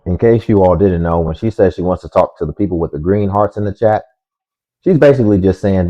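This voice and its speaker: A man's voice: low voice, quick pace, dark tone, lo-fi sound. A man hosting a commentary video, speaking in a dry, sarcastic way. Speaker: commentary host. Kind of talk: scripted commentary.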